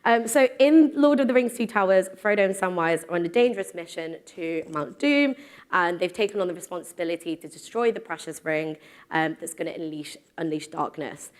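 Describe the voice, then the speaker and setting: A woman's voice: fairly low pitch, fairly quick. A woman in her thirties giving a live conference talk to an audience, casual and self-deprecating, with frequent ums. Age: 30s. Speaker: conference speaker. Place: stage before a live audience.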